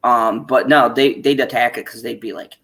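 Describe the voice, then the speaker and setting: A man in his thirties hosting a casual chat stream, animated and profane, laughing often as he talks. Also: medium pitch, normal speed. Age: 30s. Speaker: stream host.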